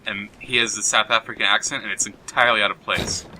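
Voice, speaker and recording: A man's voice: fairly low pitch, fairly even intonation, fast, sharp tone, a little hiss or hum. A man co-hosting a gaming show, retelling a film plot in a rambling, dismissive way with lots of fillers. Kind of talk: casual chat while playing a game. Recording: game music behind the voice.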